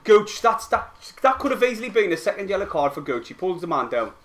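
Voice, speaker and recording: An excitable young man calls a football match live for his viewers. His voice sits fairly high, and he swears freely and talks straight to the chat. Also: fast. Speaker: football fan streamer commenting on a live match. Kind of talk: casual live match commentary.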